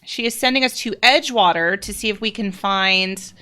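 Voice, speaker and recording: A woman's voice: mid-range voice, normal speed. A woman from New Jersey with a New Jersey accent, chatting casually at her home desk while playing a game. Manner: chatty, rambling, excitable in combat. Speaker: let's play host. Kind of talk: casual gameplay commentary.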